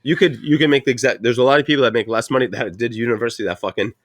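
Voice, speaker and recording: Dude talking super fast, rambly, swears constantly, repeats himself, dry mic. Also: male voice, mid-range voice, no room sound. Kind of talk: casual chat.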